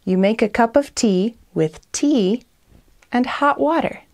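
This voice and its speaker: A woman with an American accent teaching a beginner English lesson, speaking deliberately and explaining how words sound. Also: on the high side, lively intonation, a little mellow. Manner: very slow, deliberate, explains pronunciation.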